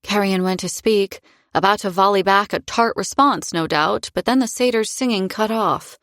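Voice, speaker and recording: A woman narrating a fantasy audiobook in first person, with a measured, expressive reading. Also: medium pitch, no echo, clean studio sound.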